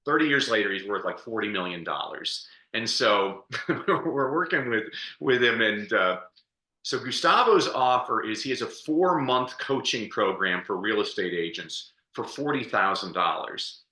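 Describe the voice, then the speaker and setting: Male coach guest, chatty storyteller, tense bright tone, echoey room sound. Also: on the low side, moderate pace. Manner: energetic, chatty storyteller who laughs often. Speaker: podcast guest, speaker and coach. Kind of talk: storytelling interview answer.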